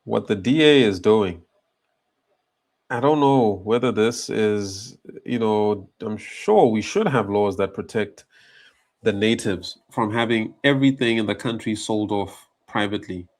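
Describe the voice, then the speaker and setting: Indignant man, lowish voice. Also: a little slow. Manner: indignant, emphatic. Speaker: commentator. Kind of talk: reaction commentary.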